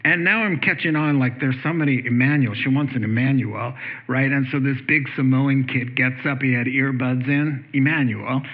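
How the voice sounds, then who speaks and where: A male pastor preaching in a loose, conversational way, now and then slipping into playful voices for the people he quotes. His voice comes through a thin, phone-like radio broadcast at an everyday pitch. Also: normal speed. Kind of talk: sermon.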